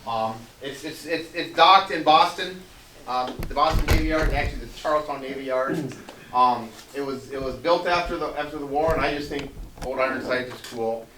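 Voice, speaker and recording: A man's voice: mid-range voice, moderate pace, background noise. A man giving a casual history lecture to a live audience, rambling with many ums and restarts and jokey asides. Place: veterans center hall. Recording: echoey hall, voice from far off.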